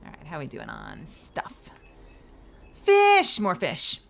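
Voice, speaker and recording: A woman streamer chatting playfully through live gameplay commentary, with bursts of squealing and yelling. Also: deep voice, big pitch swings, unhurried, gravelly.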